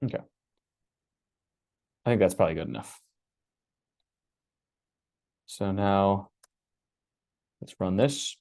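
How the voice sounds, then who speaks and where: A man hosting a workshop, walking through his screen in a relaxed, casual way and thinking aloud with many fillers. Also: deep voice, slow, pauses often, no echo, studio quality. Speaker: workshop host. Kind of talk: casual screen-share walkthrough.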